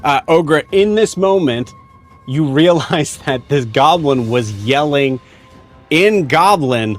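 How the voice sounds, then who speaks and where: A man's voice: fairly high pitch, expressive. Man, game master; laid-back, filler-heavy narration over faint music. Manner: casual, halting with many fillers.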